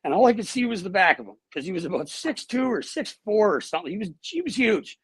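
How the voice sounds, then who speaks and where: Casual: man on earbuds, swears a lot, bounces all over in pitch, kinda husky. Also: fast, no room sound, rough recording. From Canada. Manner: animated, blunt, swears freely. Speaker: guest. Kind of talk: emotional personal storytelling.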